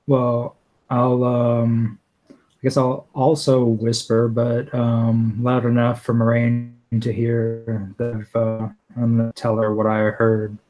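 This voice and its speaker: A man's voice: medium pitch, monotone, slow pace, warm tone, low-quality recording. A man playing a tabletop role-playing game, thinking aloud hesitantly. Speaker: player. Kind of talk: casual chat.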